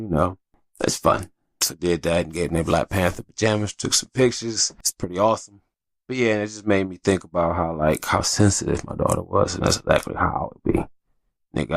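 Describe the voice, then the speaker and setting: A man's voice: low-pitched, vocal fry, dry recording, studio quality. A man hosting his own podcast, telling stories in a loose, profane, casual way with lots of fillers. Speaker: podcast host. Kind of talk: casual solo podcast talk.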